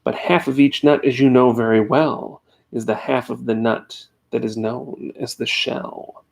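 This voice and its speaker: A man's voice: medium pitch, fairly even intonation, measured pace, gravelly. A man voicing a bossy, scheming little bug in a storybook reading. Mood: smug. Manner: bossy, taunting.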